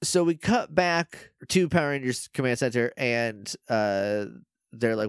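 A man's voice: medium pitch, steady tone, unhurried, smooth, dry recording, studio quality. A man co-hosting a podcast, recapping a TV episode in casual chat and playfully acting out the characters' lines as he goes. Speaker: podcast co-host.

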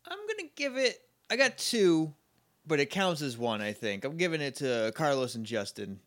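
A man co-hosting a podcast, chatting casually about a TV episode, chuckling and chiming in with quick remarks. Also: fairly high pitch, big pitch swings, a bit bright. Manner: laughs often, quick interjections. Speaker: podcast co-host. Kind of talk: casual chat recapping a TV episode.

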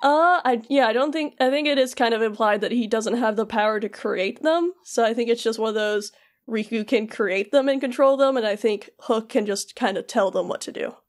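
A young woman recaps a video game for her podcast co-host. Her voice sits a little high, and her telling rambles along on fillers and restarts. She drops short, casual impressions of the characters into the story. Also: a little fast.

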